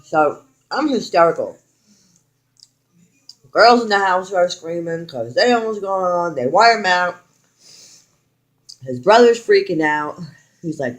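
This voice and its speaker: A woman's voice: medium pitch, measured pace, long pauses. Young woman vlogger, casual storytime, blunt and profane, acts out quoted lines with emphasis. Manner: frank, heavy swearing, animated retelling with quoted lines.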